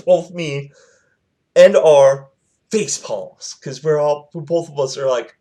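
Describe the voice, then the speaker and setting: A man's voice: a little high, slow, dark tone. A man telling a personal story to his channel in a casual, rambling way, with lots of fillers and quoted back-and-forth.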